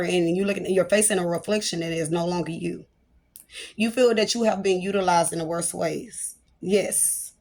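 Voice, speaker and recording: Playful, chatty woman preaching. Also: lowish voice. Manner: playful, chatty, breaks into laughter and church exclamations. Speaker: prophetess. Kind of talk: spoken prophetic message, casual preaching.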